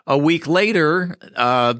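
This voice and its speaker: Relaxed male podcast host, dry sound. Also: fairly high pitch, slow, no echo. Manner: relaxed, cues segments and reacts briefly. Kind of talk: casual podcast interview.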